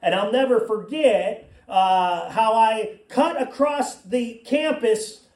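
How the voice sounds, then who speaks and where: A man's voice: high voice, takes it slowly, a little mellow. A man preaching a sermon as pastor, in a conversational way with personal asides, in a church. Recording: echoey room, mic at a distance.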